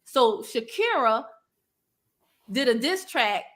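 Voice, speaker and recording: A woman hosting a casual livestream chat, animated and laughing, reading viewer comments aloud. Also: a little high, slow. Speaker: livestream host.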